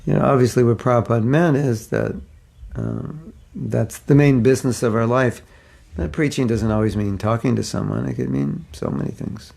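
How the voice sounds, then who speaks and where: Older male teacher, raspy edge, anecdotal, mid-pitched and chuckling. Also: normal speed, darkish tone. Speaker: spiritual teacher. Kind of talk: casual religious class.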